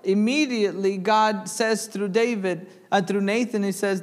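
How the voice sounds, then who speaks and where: A man's voice: high voice, fairly even intonation, normal speed, in a large hall. A young man preaching a sermon in church, reading scripture aloud and asking the congregation questions. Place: church sanctuary.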